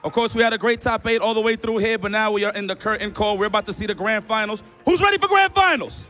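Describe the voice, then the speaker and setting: High-voiced man hyping a crowd. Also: little pitch movement, quick pace. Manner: loud, shouting, sing-song. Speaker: stage announcer. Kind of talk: hype crowd emceeing.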